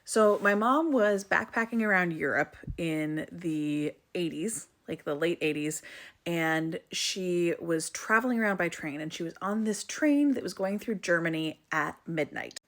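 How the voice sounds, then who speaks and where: A woman from rural Vermont telling a story in a casual storytime vlog, animated and playful with comic exaggeration. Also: fairly low pitch, measured pace. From rural Vermont, USA. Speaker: storyteller, mother.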